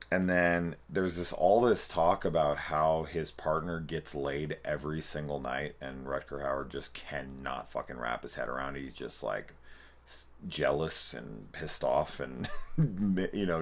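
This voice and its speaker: A man with an extremely low, deep voice talks through a film review in a loose, rambling way. He swears freely, laughs at the scenes he recounts and keeps restarting his sentences. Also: creaky. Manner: rambling, profane and amused, with loose restarts and playful quoting. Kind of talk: casual spoken movie review.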